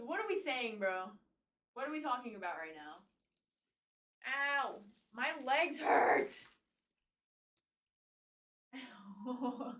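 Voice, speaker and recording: A woman's voice: fairly high pitch, fairly bright tone, far from the mic. A young woman chatting casually with her live-stream viewers. She swears freely and laughs often. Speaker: livestreamer. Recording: echoey room, voice off-mic.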